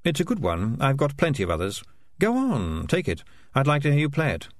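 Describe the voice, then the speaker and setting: A man voicing a cynical, smooth-talking piper with a low, wry, conspiratorial drawl. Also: wildly swooping pitch, fairly quick, no echo. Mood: persuasive.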